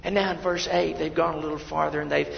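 A man preaching a sermon as pastor, swinging between loud, emphatic reading and quiet, intimate asides to his listeners. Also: fairly high pitch, level tone, fast, vocal fry, slight background noise. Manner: addresses listeners as beloved. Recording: long hall reverb, dull lo-fi sound.

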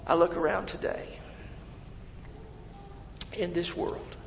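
A man preaches a sermon, his high voice rough with gravel and fry as he moves at an unhurried pace. He rises to loud, emphatic passages, then drops to quiet asides. The recording is dull and lo-fi, with long reverb from a large hall and a faint hum of ambience behind him. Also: fairly even intonation. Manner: swings from loud, emphatic scripture reading to quiet, intimate asides; addresses listeners as beloved. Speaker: pastor.

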